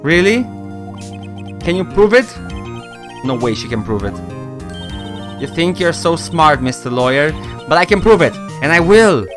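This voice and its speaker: A man doing a shrill, bratty young woman witness. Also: big pitch swings, a little slow, pauses often, over music. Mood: smug. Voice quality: high, pouting, sing-song. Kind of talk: reading game dialogue aloud on stream.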